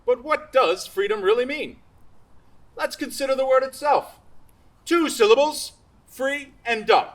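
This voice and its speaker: An actor in a comic stage play playing a blustering, dim-witted politician husband with a pompous, oratorical delivery. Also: male voice, very high-pitched, a little slow, pauses often, low-quality recording.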